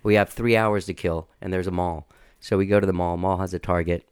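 A man talking candidly in a casual interview, rambling and making dark jokes. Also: low voice, steady tone, brisk, clear, resonant tone, no room sound, studio quality. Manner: candid, rambling, darkly joking. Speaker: musician guest.

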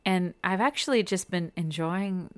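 Chatty woman with a lowish voice. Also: unhurried. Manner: chatty, self-described talker. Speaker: radio DJ guest. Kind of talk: casual interview chat.

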